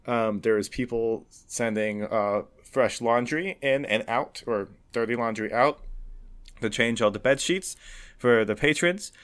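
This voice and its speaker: A man narrating as game master in a casual, chatty way, often pausing on fillers. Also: mid-range voice, clean tone. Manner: relaxed, chatty, many fillers, laughs often.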